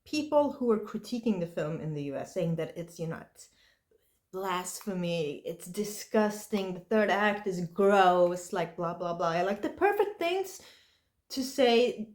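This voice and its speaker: A woman's voice: medium pitch, sing-song, a little slow. A woman reviewing horror movies in a casual, rambling way, full of likes and you-knows.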